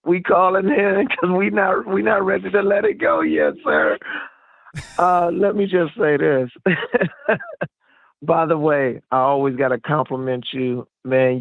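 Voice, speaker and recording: A man from Fresno calling into a sports talk show, talking in a friendly, halting, rambling way. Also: medium pitch, gravelly, dry recording. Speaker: caller. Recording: phone line.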